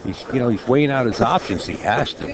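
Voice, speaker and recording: A man commentating a live pool match, calmly explaining shot options and cue ball position. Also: mid-range voice, fast talker, noisy background.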